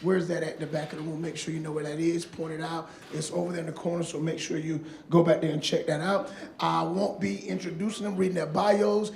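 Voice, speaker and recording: A woman's voice: low voice, level tone, brisk, gravelly, darkish tone. Chatty woman introducing speakers. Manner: casual, chatty, addresses audience as y'all. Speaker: conference moderator. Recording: echoey room with faint noise.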